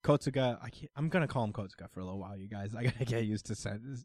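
A man's voice: lowish voice, racing, a little mellow, no echo, studio quality. A man in casual chat recapping a manga, laid-back, full of fillers and jokes, retelling scenes in quotes. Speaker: podcast co-host.

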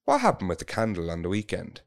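A man's voice: sits low, huge pitch swings, quick pace, vocal fry. An Irish man telling a long story in casual chat, rambling, swearing freely and restarting his sentences.

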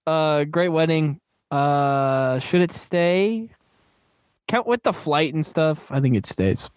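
A man's voice: on the high side, slow pace, clear, resonant tone, no echo. A man hosting a podcast, chatting casually about a movie, laughing often and repeating phrases. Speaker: podcast host.

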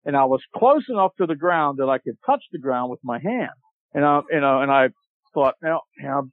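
A man telling a long hunting story as a podcast guest, animated and laughing as he goes. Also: mid-range voice, dry recording. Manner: animated, laughs while telling, acts out shouted quotes. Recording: tinny dry phone-line audio.

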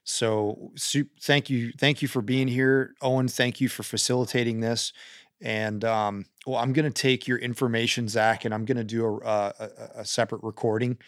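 Podcast host, man, mid pitch, dry close sound, halting speech. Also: little pitch movement, no echo. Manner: halting, many fillers and restarts. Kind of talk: casual interview wrap-up.

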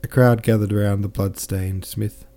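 Guy reading an old novel out loud, very dark mellow voice, lowish, steady pace, fixes his slips as he goes. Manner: measured reading with occasional self-corrections. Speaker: audiobook narrator. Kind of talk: reading a classic novel aloud.

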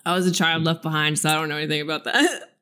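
A woman in her thirties co-hosting a podcast, making wry, deadpan remarks and swearing casually. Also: deep voice, fast. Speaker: podcast co-host. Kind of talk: casual chat.

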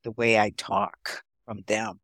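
Low-voiced woman from Chicago, chatting. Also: slow pace, dry recording. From Chicago, USA. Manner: storytelling, animated, laughs often. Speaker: podcast guest, therapist. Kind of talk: casual interview chat.

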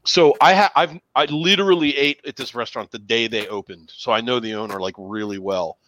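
A man's voice: medium pitch, a little fast, a bit bright. A man co-hosting a casual chat show, telling long rambling anecdotes full of "like" and acting out the people in them. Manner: rambling storyteller, heavy on "like"; acts out other people's voices in anecdotes. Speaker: podcast co-host.

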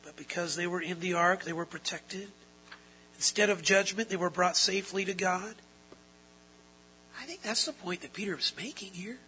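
A man, a pastor, preaching an earnest sermon, asking rhetorical questions and building to loud, emphatic stretches. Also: sits high, moderate pace, slight background noise, rough recording. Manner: asks the audience rhetorical questions. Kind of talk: expository sermon.

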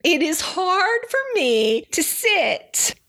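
Texan lady doing a faith podcast, teary and sniffly, high voice that swoops all over, takes her time. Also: big pitch swings, extremely slow, creaky, fairly bright tone. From Texas. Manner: emotional, tearful and effusive. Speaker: podcast host. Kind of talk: Christian devotional podcast. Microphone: studio microphone, seated.

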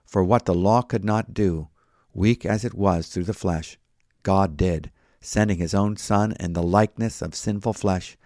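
A man reading a sermon in a measured way, citing chapter and verse as he teaches. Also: sits low, darkish tone, dry recording, clean studio sound. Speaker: Bible teacher. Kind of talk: read sermon.

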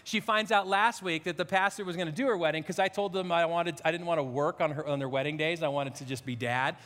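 A man in his fifties preaching a sermon as a pastor, animated and emotional, often restarting his sentences. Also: a little high, quick pace, long reverb tail. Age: 50s.

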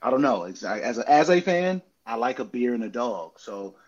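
A man talking in a casual chat, telling stories in an animated way and acting out hecklers. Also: moderate pace, dull audio, crowd noise. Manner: animated storytelling, acts out hecklers with big pitch jumps. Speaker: podcast host, former outfielder.

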